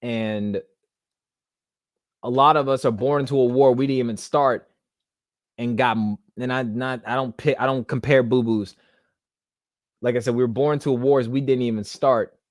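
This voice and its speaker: Young guy w/ rambling on his podcast, kinda emotional, dry close sound, mid pitch. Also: fairly even intonation, normal speed, long pauses, no room sound. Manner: rambling, many restarts and fillers; emotional, holding back tears. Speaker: podcast host. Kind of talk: casual monologue.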